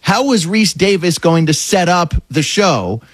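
A man's voice: high-pitched, sing-song, unhurried, slightly rough, dry recording. A man hosting a sports radio show, chatty and friendly as he talks with a guest and his co-host. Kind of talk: casual sports radio talk.

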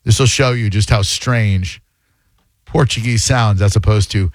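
A man's voice: lowish voice, unhurried, no room sound. A man hosting a call-in radio show, talking casually with brash, joking bursts. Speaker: radio talk show host.

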